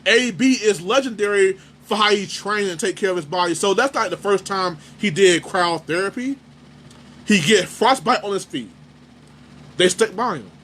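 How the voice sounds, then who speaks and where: On a sports talk show, a male host rants with heated, fired-up commentary, hammering the same points again and again. He has a high, slightly bright voice, and there's a bit of background noise.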